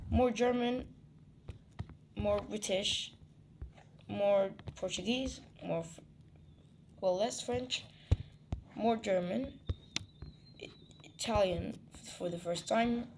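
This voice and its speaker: Slow, halting map narrator, noisy clicks. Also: medium pitch. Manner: halting, self-correcting, listing places one by one. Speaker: mapping channel host. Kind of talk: casual map walkthrough narration.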